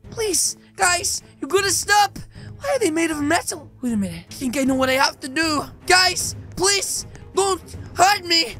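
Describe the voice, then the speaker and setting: Excitable female gameplay narrator, high voice, light music bed. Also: moderate pace. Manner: animated, excitable, talks to viewers as "guys". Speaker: game role-play narrator. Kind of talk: role-play game narration with running commentary to viewers.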